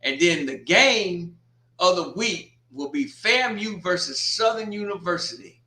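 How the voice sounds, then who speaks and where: Man with a bright voice, trash-talking scores. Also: high-pitched, animated, unhurried, echoey room. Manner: blunt, teasing trash talk. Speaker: watch party host. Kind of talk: casual score rundown and commentary.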